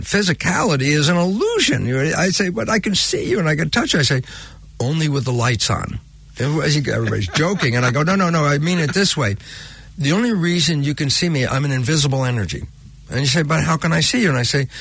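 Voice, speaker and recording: A man as an interview guest, explaining in a lively conversational way and acting out his own past conversations. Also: fairly high pitch, gravelly, husky, no room sound. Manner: animated, acts out his own remembered conversations.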